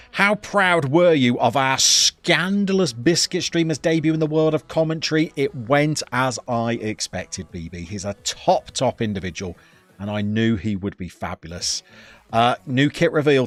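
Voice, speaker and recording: A man's voice: mid-range voice, a bit bright, no echo. A middle-aged man, chatting casually as he hosts a live stream and greets viewers by name.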